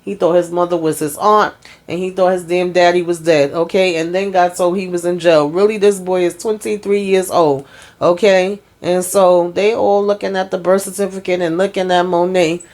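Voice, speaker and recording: A woman's voice: fairly low pitch, steady tone, moderate pace, darkish tone. Chatty, blunt woman recapping a TV episode. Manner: chatty, blunt and profane, addressing viewers as "y'all". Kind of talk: casual spoken episode recap.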